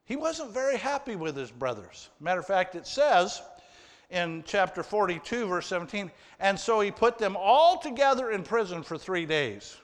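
A man's voice: high-pitched, big pitch swings, moderate pace. A man preaching a sermon, reading scripture and explaining it earnestly to his congregation. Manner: earnest, addressing the congregation directly. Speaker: pastor. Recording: long hall reverb.

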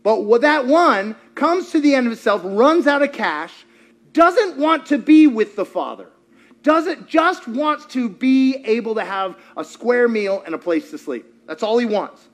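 Lively high-voiced male preacher. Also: a little slow. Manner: animated, quizzes the congregation and acts out quotes. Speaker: pastor. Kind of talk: sermon.

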